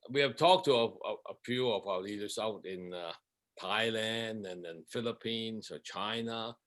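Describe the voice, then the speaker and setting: A man co-hosting a casual video-call interview, speaking haltingly and restarting his phrases. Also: fairly low pitch, fairly bright tone. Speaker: co-host, interviewer.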